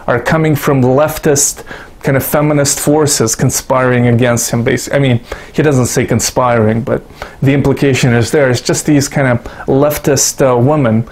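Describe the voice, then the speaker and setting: A man's voice: medium pitch, darkish tone. A Russian-born man giving rambling, sarcastic commentary to his YouTube audience, swearing constantly and making self-mocking asides. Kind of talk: profane casual commentary to camera.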